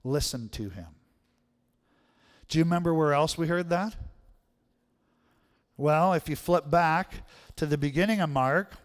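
A man's voice: fairly high pitch, smooth, big-room sound. A male pastor giving a sermon in a conversational way, often checking in with the congregation. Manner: conversational preaching, frequent "right?" check-ins. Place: church sanctuary.

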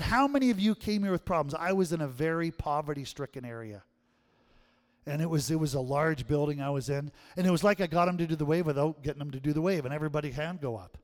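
A middle-aged man preaching a sermon as pastor, swinging from hushed tones to loud, emphatic calls. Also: fairly high pitch. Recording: long hall reverb.

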